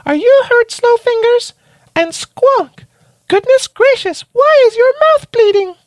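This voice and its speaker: A man doing a shrill fussy mother bird. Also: animated, unhurried, no echo. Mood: worried. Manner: flustered, scolding.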